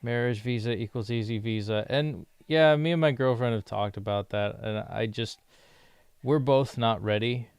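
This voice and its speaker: A young American man living in Brazil vlogs about learning a language, chatting casually and rambling while laughing often through his lessons. His mid-range voice is gravelly and a little mellow at a moderate pace. The audio is clean with no echo.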